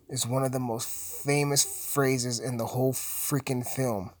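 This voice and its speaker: A young man who is high, rambling through casual commentary while swearing and joking constantly. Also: little pitch movement, unhurried, few pauses, a little mellow, no echo. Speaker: video host.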